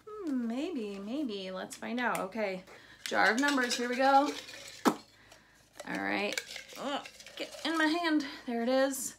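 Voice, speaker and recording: A woman teaching a math lesson to young children on video, playful and encouraging as she talks straight to them and counts out loud. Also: on the high side, creaky, very noisy. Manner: slow, drawn-out counting aloud.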